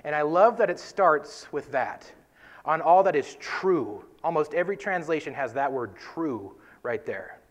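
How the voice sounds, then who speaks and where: Brief: man, slightly higher voice, casual earnest Bible teaching, conversational with soft emphatic drops. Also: lively intonation, unhurried. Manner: conversational, tags points with "right?".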